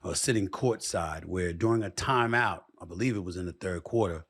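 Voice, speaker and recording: A man hosting a sports talk program with a very deep, husky voice. He speaks emphatically and leans on his pauses for drama. Between those pauses, his words come out in quick bursts. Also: a bit bright. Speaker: sports talk show host. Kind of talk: broadcast commentary.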